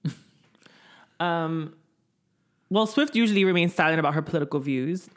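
A woman's voice: deep voice, moderate pace. A woman co-hosting a casual chat, sarcastic and profane, often laughing as she talks. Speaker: podcast co-host.

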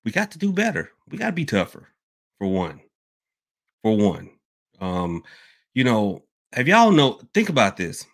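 A man's voice: on the low side, wildly swooping pitch, measured pace, creaky, long pauses. A man hosting a casual podcast, rambling, repeating himself and calling his listeners y'all. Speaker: podcast host and hoodoo worker. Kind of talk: casual open-topic podcast talk.

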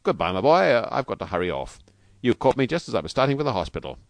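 A man reading aloud, voicing a brisk, jovial little old doctor. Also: mid-range voice, big pitch swings, creaky, no echo. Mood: hurried.

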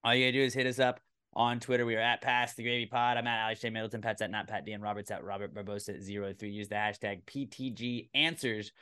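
A man's voice: fairly low pitch, steady tone, fast talker, bright, forceful tone, clean tone. A man hosting a casual comedy podcast, talking in a loose, rambling way and swearing now and then. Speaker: podcast host.

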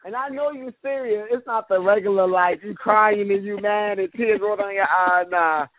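A man co-hosting a casual chat who talks in an animated way, laughs often and acts out quotes. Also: high voice, moderate pace. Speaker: podcast co-host. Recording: tinny phone-like audio.

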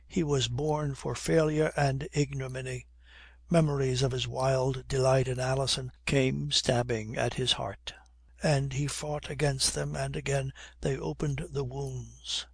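Brief: male audiobook reader, husky, dry close sound. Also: mid-range voice, dry recording. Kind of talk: audiobook narration.

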